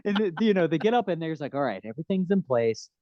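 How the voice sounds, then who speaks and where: A fairly high-voiced man co-hosts a casual podcast chat, full of gushing enthusiasm and acting out scenes in quick put-on voices. His voice sounds dry and close, with no room around it. The recording is a little dull and lo-fi. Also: big pitch swings, no room sound. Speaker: podcast co-host.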